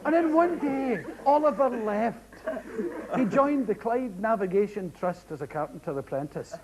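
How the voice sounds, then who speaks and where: A Scottish man doing a stand-up storytelling set, lively and animated, often mimicking others in sharp high voices. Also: moderate pace. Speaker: comedian. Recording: 1980s TV audience show, loud crowd and noise. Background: loud audience laughter.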